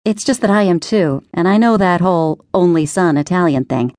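A woman voicing a frank, wry woman on a dinner date who talks in a brisk, teasing way. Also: fairly low pitch, animated, darkish tone, no echo, clean studio sound, close to an everyday voice. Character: confident, wry Italian-American woman on a date.

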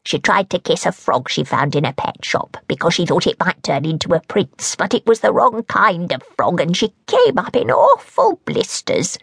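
A woman's voice: on the low side, big pitch swings, normal speed, vocal fry, hardly any pauses, fairly bright tone, slightly rough, no room sound, clean studio sound, exaggerated voice. A woman voicing a fussy, kindly hag who is chatty and easily cross, in a storybook reading. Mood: gossipy. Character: fussy middle-aged female hag, kindly witch. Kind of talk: audiobook character voice.

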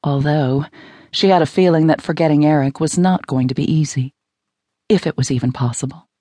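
A woman narrating a romance audiobook in an intimate, even storytelling manner on a close studio mic. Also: low voice, fairly quick, no room sound.

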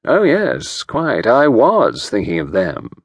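Man doing a polite noncommittal gent, quiet and careful, dry close sound. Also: medium pitch, huge pitch swings, husky, no room sound, voice pushed up, full character voice. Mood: evasive. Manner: quiet, measured, hesitant. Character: calm male advisor, pleasant and non-committal.

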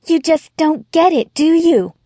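A woman's voice: on the high side, animated, normal speed, dark tone, no room sound, studio quality. Woman doing a sweet, dramatic young woman. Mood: upset.

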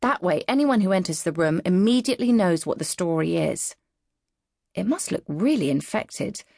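A woman's voice: on the low side, animated, moderate pace, vocal fry, a little mellow, no room sound. A woman reading a novel in the first person, frank and wry, on a close studio mic. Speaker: audiobook narrator. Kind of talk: first-person audiobook narration.

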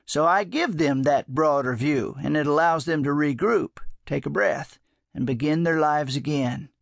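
A man voicing a gentle, teasing old male drifter with a folksy, drawling manner in an audiobook. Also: on the high side, unhurried, creaky, no echo, studio quality.

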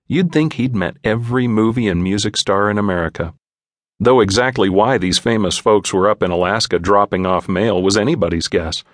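A man with a fairly low voice narrates a children's novel. His reading is folksy and playful. The recording is dry and close, with no room sound. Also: dry recording. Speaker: audiobook narrator.

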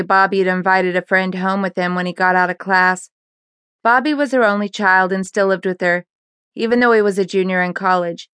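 A woman narrating a fiction audiobook in a steady, even storytelling manner on a close microphone. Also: mid-range voice, smooth, dry recording.

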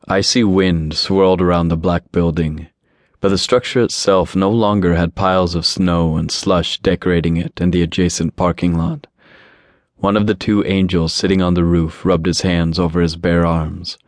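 Male narrator, deep voice, flat even delivery, dry close sound, audiobook reading. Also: normal speed, dry recording. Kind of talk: scripted narration.

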